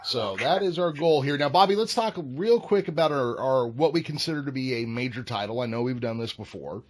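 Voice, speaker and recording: A man's voice: medium pitch, animated, fairly quick. A man co-hosting a podcast, amused and easygoing in casual chat. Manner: amused, easygoing, chuckling between words. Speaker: podcast co-host.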